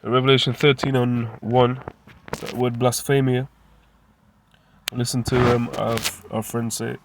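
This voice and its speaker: A man's voice: medium pitch, level tone, a little slow, a little hiss or hum. A man teaching scripture informally, asking rhetorical questions and dropping street slang. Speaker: Bible teacher.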